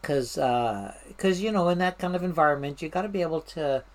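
A woman from Washington State, an interview guest and firefighter, telling animated stories in a casual way with many fillers and restarts. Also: low voice, brisk. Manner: animated anecdotes with fillers and restarts, mimics voices. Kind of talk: casual storytelling.

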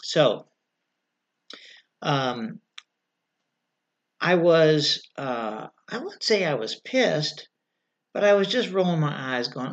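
A woman's voice: deep voice, lively intonation, takes it slowly. Middle-aged Californian woman, ex-fire officer, interview guest; frank, blunt storyteller, a bit muffled on a lo-fi recording.

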